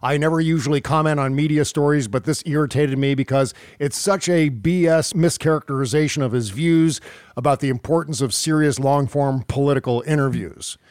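A man's voice: fairly high pitch, fairly quick, a little mellow, clean tone, no echo, studio quality. A man hosting a podcast, reading out news stories in a casual conversational way. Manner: conversational, reads out news items with filler "uh"s. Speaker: podcast host.

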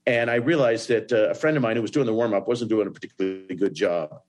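Animated storyteller man from Indiana. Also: fast. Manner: animated, breaks into voices with big jumps up in pitch. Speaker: guest. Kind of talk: storytelling in an interview.

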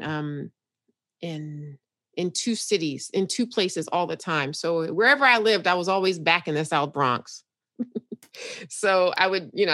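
A woman's voice: on the low side, dry recording. Candid woman telling a story, dry close sound. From New York, United States. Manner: animated, candid storyteller who laughs easily. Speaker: psychotherapist guest. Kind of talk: personal storytelling in a podcast interview.

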